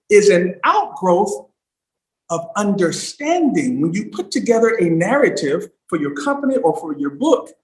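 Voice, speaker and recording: Excited guy coaching on storytelling, voice jumps all over, bit of room echo. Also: high voice. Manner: animated, emphatic, swings from loud to hushed. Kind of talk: livestream talk.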